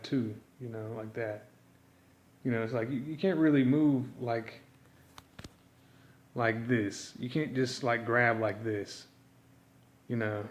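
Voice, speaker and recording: A man's voice: mid-range voice, echoey room, dull audio. A man teaching yodeling in a rambling, improvised monologue, filling his talk with constant fillers. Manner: rambling, packed with "you know" fillers.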